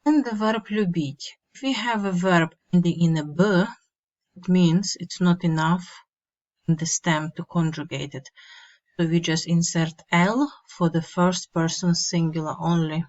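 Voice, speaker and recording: A woman teaching a slow, step-by-step grammar lesson, repeating each word and giving its meaning. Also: on the low side, fairly even intonation, darkish tone. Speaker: language teacher. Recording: dull lo-fi mic.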